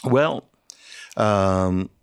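An older man with a French accent tells his story in a very low voice. He talks freely, restarting phrases and laughing easily. The sound is close and dry. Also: extremely slow, clean tone, no echo. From France. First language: Italian and French. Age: 70s. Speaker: hairstylist guest. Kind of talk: conversational interview.

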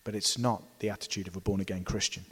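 A man preaching a sermon in a church, emphatic and dynamic, pressing hard on key words and then dropping to a hushed tone. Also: sits low, steady tone, quick pace, slightly rough, long reverb tail. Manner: emphatic, swings between loud stresses and quiet drops.

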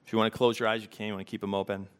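A man preaching a sermon as pastor, reflective and unhurried, pausing to let questions sink in. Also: on the low side, flat delivery, smooth.

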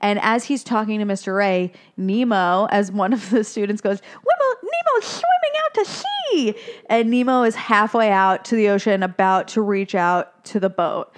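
A woman's voice: medium pitch, fairly even intonation, normal speed, few pauses, smooth. A woman co-hosting a podcast, chatting casually as she recaps a film, swearing freely and briefly acting out characters' lines. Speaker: podcast co-host.

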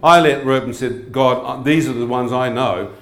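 Joking preacher in an echoey hall. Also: male voice, mid-range voice, normal speed. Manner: humorous, asks the crowd frequent questions. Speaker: preacher giving testimony. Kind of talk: lively sermon testimony to a live audience.

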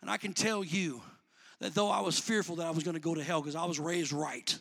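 A man preaching a sermon, talking in a plain, colloquial way to the congregation and rising to shouts before dropping back to easy talk. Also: on the high side, fairly even intonation, brisk, vocal fry. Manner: builds to shouting, then drops back to conversational.

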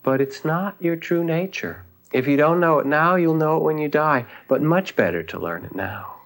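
A meditation teacher gives a dharma talk, his pitch a little high and his tone animated and fairly bright. He is reflective and unhurried, pausing thoughtfully as he tells a teaching story.

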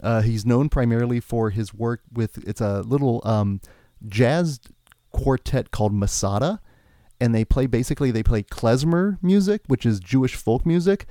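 A man's voice: medium pitch, normal speed, warm tone, no room sound, clean studio sound. A man co-hosting a podcast, talking casually and enthusiastically about music, rambling with frequent restarts. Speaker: podcast co-host.

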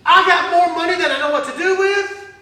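A giddy, boastful newly rich man, put on by a preacher brags in a high, bright voice. The sound rings from a distance through a very echoey church hall. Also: a little fast. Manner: bragging, giddy.

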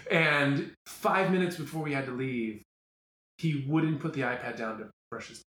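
A man, a commercial actor, telling stories as a podcast guest in a lively way, full of fillers. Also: medium pitch, normal speed, slight background noise. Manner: animated storyteller, filler-heavy, acts out quotes. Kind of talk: casual chat. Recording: echoey room, faint ambience.

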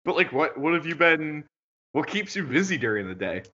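A man's voice: on the high side, very animated, brisk, sharp tone, lo-fi sound. A man hosting a podcast, asking rambling questions full of fillers in a casual interview. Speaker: podcast host.

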